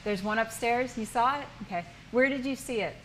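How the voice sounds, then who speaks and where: A woman's voice: a little high, fairly quick, slight background noise, poor audio. American woman teaching a language class. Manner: patient, explains sounds step by step. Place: indoor workshop room.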